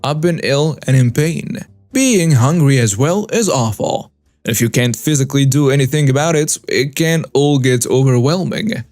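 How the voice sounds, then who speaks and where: A man's voice: mid-range voice, lively intonation, moderate pace, dry recording. Man narrating a story, clipped phrases. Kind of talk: scripted narration of a reader-submitted story. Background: soft background music.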